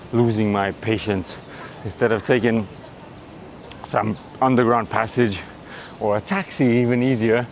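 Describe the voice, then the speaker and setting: A man's voice: mid-range voice, slight background noise. Rambling man vlogging on a city walk. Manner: rambling, joking, swears casually. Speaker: travel vlogger. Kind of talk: casual walking vlog commentary. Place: outdoors on city streets.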